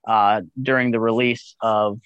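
A man's voice: fairly low pitch, little pitch movement, measured pace, fairly bright tone, clear, resonant tone, no room sound, highs cut off. A man chatting casually as a podcast guest, rambling with enthusiasm and swearing freely. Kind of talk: casual chat.

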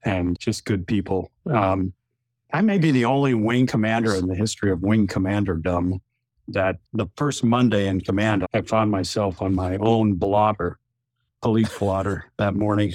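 A man, a retired general, telling a long anecdote with frequent chuckles in a relaxed podcast chat. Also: on the low side, moderate pace, no room sound. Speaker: retired general, former wing commander.

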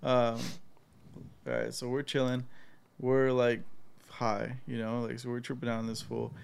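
A man's voice: medium pitch, vocal fry, a little mellow. A man telling a story in a loose, laid-back way, with lots of fillers and swearing. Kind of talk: casual chat.

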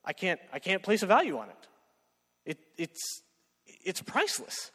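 A man's voice: high-pitched, huge pitch swings, unhurried, a bit bright, slightly rough, big-room sound, full character voice. A man voicing an astonished jeweler who speaks with emphatic disbelief. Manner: incredulous, emphatic.

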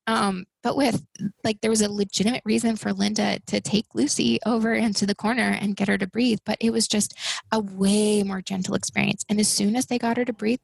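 A woman in her thirties, a podcast guest, speaking in a casual conversational way and acting out other people's words in an animated voice while she tells her stories. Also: medium pitch, quick pace, gravelly, breathy edge, no echo, rough recording. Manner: animated storytelling, acts out quoted people in raised voices.

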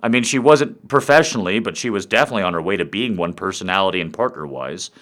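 A man rambles through a crude comic monologue for a live online crowd, mocking himself as he goes. His voice is bright and tense, swinging widely in pitch. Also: lively intonation, quick pace.

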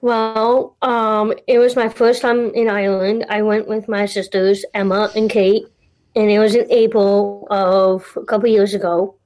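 A woman's voice: medium pitch, flat delivery, a little slow, a little mellow. A woman co-hosting a podcast in a casual chat, easygoing and chatty as she tells stories. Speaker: podcast co-host.

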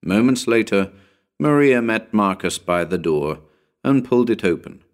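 A man's voice: on the low side, lively intonation, moderate pace. A man narrating a spooky story as an audiobook, building suspense in a dramatic storytelling manner.

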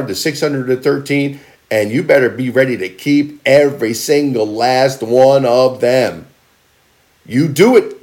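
A man preaching from the pulpit, his voice gravelly with a rough edge. His pitch leaps and dips constantly as he hammers points home, swinging between loud emphasis and hushed asides. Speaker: pastor. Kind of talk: sermon, teaching from scripture.

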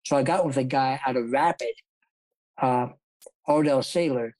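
This interview guest, once a jockey in South Dakota, talks at normal speed in a medium-pitched, darkish voice. His storytelling meanders, breaks into laughter often, and includes acted-out quotes. The recording is low quality with no room sound.

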